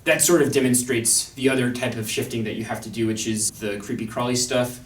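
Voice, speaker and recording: A man's voice: mid-range voice, fairly even intonation, brisk, faint music behind. Young man explaining violin, echoey room. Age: young adult. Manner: thoughtful, wry, with fillers and restarts. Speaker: violin teacher. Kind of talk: instructional talk on an orchestral excerpt. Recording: echoey room, mic at a distance.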